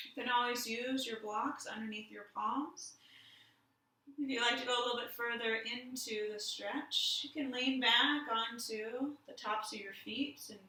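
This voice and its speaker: A woman yoga teacher giving slow, gentle cues for poses and a guided meditation. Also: fairly high pitch, a little hiss or hum. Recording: very echoey room, distant mic.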